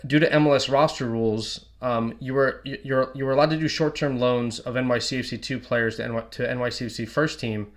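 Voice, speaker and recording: Casual podcast co-host, male, mid-pitched, walks through plays step by step. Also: a bit bright. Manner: breaks down plays step by step, many restarts. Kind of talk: casual football analysis.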